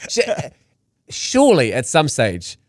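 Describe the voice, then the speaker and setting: A man's voice: mid-range voice, huge pitch swings, slow pace, no room sound, clean studio sound. A man, co-hosting casual banter with frequent laughter and crude jokey asides. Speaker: podcast co-host.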